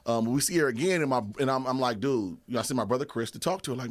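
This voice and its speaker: A man's voice: medium pitch, very fast, few pauses. A man guest on a comedy podcast telling a story in a casual, profane, rambling way. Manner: animated, profane, rambling with restarts. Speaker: guest, comedy show creative director.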